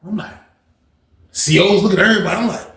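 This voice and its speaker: A young man casually retelling a story in a slangy, profane, animated way. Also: high voice, fast. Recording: roomy echo.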